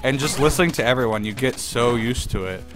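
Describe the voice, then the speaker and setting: A man's voice: medium pitch, fast. A young American man chatting casually about games, rambling with lots of fillers and laughing often. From United States. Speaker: channel host. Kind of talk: casual gaming chat. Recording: music underneath.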